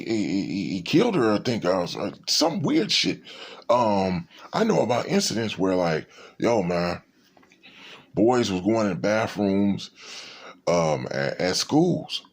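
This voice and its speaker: Gravelly, husky man with a swinging pitch. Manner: profane, rambling, with many fillers and restarts. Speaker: commentator. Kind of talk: rambling monologue.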